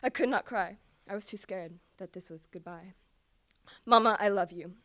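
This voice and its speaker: A woman's voice: medium pitch, moderate pace, a bit bright, no echo. A teenage girl performing an impassioned, pleading slam poem with repetitive cries to her mother. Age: teens. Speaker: student poet.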